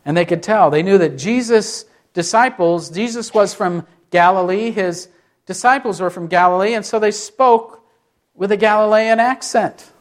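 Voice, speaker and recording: Male pastor, fairly high voice, preaches in a sermon style with questions and quick acted-out lines. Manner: asks questions and acts out short quotes.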